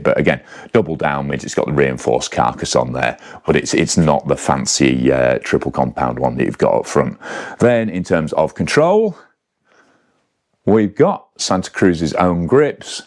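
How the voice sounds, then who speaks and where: Brief: deep-voiced male reviewer, chatty, rambling asides, fixes himself mid-sentence. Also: animated, measured pace, a little mellow. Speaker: bike reviewer. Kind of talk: casual spec walkthrough to camera.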